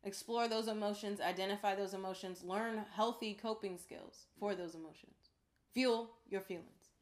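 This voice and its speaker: A woman co-hosting a casual podcast chat, reading topics from an article with quick asides and laughs. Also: medium pitch, steady tone. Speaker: podcast co-host.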